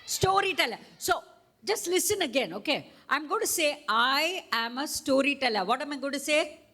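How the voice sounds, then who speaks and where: A middle-aged woman with an Indian English accent, a storyteller giving a speech at a school event and drawing the crowd into call-and-response. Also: high voice. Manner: slow, animated, coaxing the crowd. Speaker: storyteller and guest speaker.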